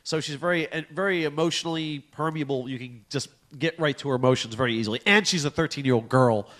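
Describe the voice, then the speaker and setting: A man co-hosting a comedy podcast, telling animated family stories in casual chat, laughing and swearing often. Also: on the high side, fast. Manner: animated storytelling with profanity and laughter. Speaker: podcast co-host.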